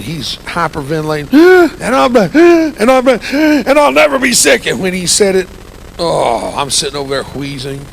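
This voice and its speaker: A man in his sixties with a gravelly, grumpy-sounding voice, giving an impassioned, folksy testimony sermon with humor as a church guest speaker. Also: medium pitch, fairly bright tone, slight background noise, low-quality recording. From United States. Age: 60s. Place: church sanctuary.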